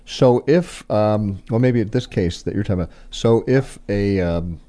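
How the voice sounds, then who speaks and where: A man hosting a casual talk show with a deep, mellow voice. He asks curious follow-up questions and restates the points his guest makes to check that he has them right. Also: unhurried. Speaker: host.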